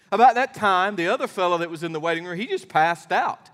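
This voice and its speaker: Male pastor, middle-aged, high-pitched, folksy emphatic sermon delivery, long reverb in a church. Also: quick pace, few pauses. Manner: animated storytelling preacher, folksy and emphatic.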